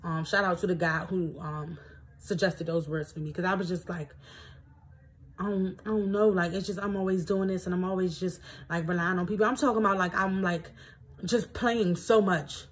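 Husky rambling woman from D.C. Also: on the low side, fairly even intonation, moderate pace. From Washington, D.C. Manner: loose and rambling, heavy fillers, reflective. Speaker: podcast host. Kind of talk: casual personal reflection, reading from a self-help book.

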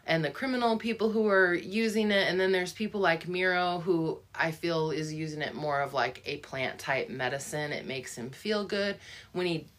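Low-voiced woman musing over a book. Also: normal speed. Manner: thoughtful, musing, many restarts and fillers. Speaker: book discussion co-host. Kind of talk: casual book discussion.

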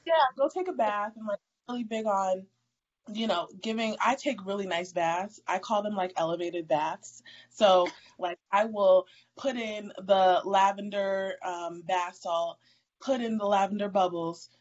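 A woman speaks in a relaxed, chatty way as a podcast guest, breaking into laughter often. Her pitch sits mid-range for a woman. Her audio comes through dull and lo-fi. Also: a little slow. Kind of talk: casual podcast chat.

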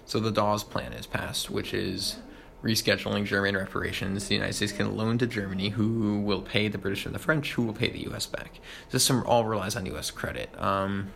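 A young man reviewing history fast, with lots of ums and uhs, over faint background noise. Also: lowish voice, creaky, fairly bright tone. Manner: quick, with many ums and uhs. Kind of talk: rapid study review.

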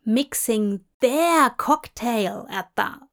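A woman reading a story aloud in an unhurried, even narration. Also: fairly high pitch, vocal fry. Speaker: fanfiction reader. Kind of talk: audiobook narration.

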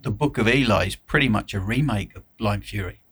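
Laid back guy, husky voice, bit bright. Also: lowish voice, a little fast. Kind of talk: casual chat.

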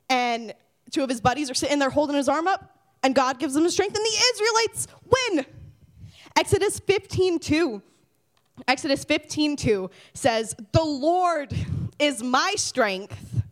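Casting: young woman, high voice, animated youth-group talk, loud then hushed. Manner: lively, conversational, swings from loud to hushed. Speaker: youth speaker.

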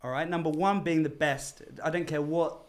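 A man hosting a podcast, telling a story in a casual, animated way and laughing as he goes. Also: a little high, moderate pace. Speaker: podcast host.

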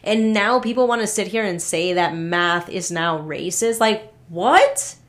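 A woman talks straight into her podcast mic, thoroughly fed up and not hiding it. She swears without hesitation and trips over her own sentences as she vents, in a voice of ordinary middle pitch. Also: lively intonation, measured pace. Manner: exasperated, swears freely, restarts sentences. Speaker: podcast host. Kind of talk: casual solo podcast rant.

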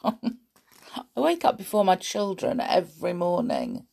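Woman storytelling host, sore throat, croaky, gravelly, slow pace, lively up-and-down delivery. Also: on the low side. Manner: playful, animated, with gasps and little laughs. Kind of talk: chatty talk to young listeners.

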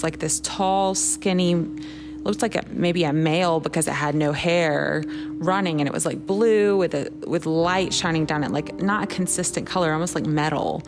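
Low-voiced young woman rambling casually. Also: vocal fry, a little hiss or hum. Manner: rambling, full of "like" fillers, swears freely. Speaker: podcast co-host. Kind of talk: casual storytelling chat.

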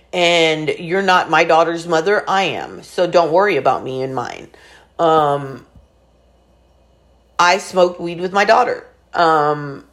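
A somewhat low-voiced woman in her forties talks straight to the camera about her own life. She is blunt and swears freely, and she fills her sentences with "like" and "um" as she goes. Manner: frank, profane, chatty with many fillers. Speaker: vlogger. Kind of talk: candid personal storytelling.

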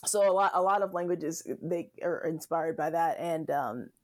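A woman's voice: low-pitched, moderate pace. A woman chatting casually as a guest, full of fillers and frequent laughter. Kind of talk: casual conversation. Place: Southern United States.

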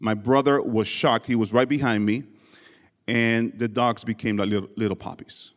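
A man's voice: mid-range voice, fairly even intonation, normal speed. A man giving a sermon to a congregation and telling personal stories with humor, speaking English with a non-native accent. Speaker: guest preacher. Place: church hall before a congregation. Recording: long reverb of a large hall.

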